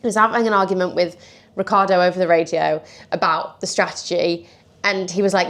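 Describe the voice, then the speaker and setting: A woman's voice: lowish voice, steady tone, brisk, fairly bright tone. A woman hosting a casual podcast chat, laughing often between her points. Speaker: podcast host.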